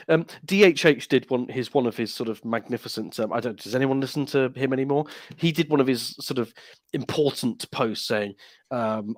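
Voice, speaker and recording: A man's voice: medium pitch, moderate pace, no room sound. A man co-hosting a casual podcast, rambling and joking with lots of fillers and restarts. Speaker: podcast co-host.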